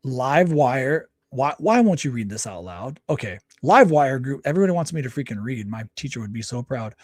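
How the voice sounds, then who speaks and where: A man's voice: mid-range voice, sing-song, a little fast, darkish tone, no echo, clean studio sound. A man hosting a casual livestream, reading articles aloud and stopping often to reread and correct himself. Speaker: livestream host.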